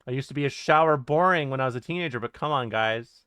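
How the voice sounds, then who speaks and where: A man streaming and reading chat aloud, joking, laughing and swearing in quick casual banter. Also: medium pitch, bright, forceful tone, smooth, dry recording.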